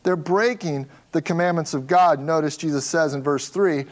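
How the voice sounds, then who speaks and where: High-voiced man preaching emphatically. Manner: emphatic, stresses key words slowly. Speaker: pastor. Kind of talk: expository sermon.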